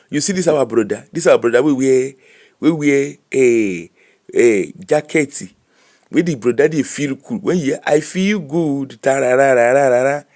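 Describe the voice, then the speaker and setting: A middle-aged man with a medium-pitched voice and a Nigerian Pidgin English accent hosts a casual live stream chat. He is animated and laughs often, weaving Pidgin and English together.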